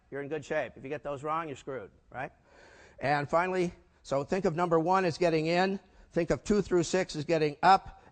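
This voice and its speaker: Punchy older man speaking in a hall. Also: a little high. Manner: punchy, asks the audience rhetorical questions. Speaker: keynote speaker. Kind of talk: business conference talk. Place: conference hall. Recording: long hall reverb.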